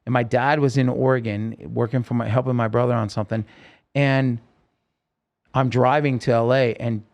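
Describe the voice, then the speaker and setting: Gravelly-voiced man telling an earnest story. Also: mid-range voice, fairly even intonation, moderate pace, darkish tone. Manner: earnest, rambling, with many restarts and fillers. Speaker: singer-songwriter telling his survival story as a guest. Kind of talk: emotional personal storytelling in a podcast interview.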